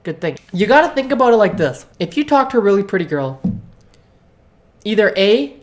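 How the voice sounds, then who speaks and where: A man's voice: high voice, very animated, a little fast. Rambling, profane young man vlogging. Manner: rambling, profane, self-mocking. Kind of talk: casual storytelling to camera.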